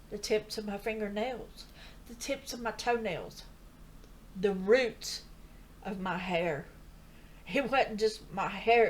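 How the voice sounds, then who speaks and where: An older woman earnestly telling a personal story in a chatty way, with asides. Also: medium pitch. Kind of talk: casual testimony.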